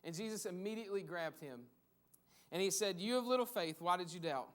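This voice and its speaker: A man's voice: sits high, fairly quick, fairly bright tone. A man preaching a conversational sermon, repeating phrases for emphasis. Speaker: pastor.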